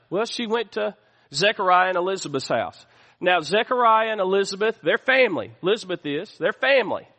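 A man delivers a sermon from the pulpit, his voice pitched high and bright. He keeps drawing responses from the congregation as he preaches. The sanctuary adds a long, lingering reverb behind him. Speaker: pastor. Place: church sanctuary.

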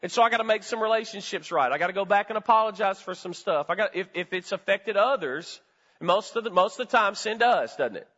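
Man, pastor, folksy conversational sermon, high-pitched, reverberant church sanctuary. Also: expressive, brisk, pushed and bright, dull audio. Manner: conversational, folksy, asks the congregation questions.

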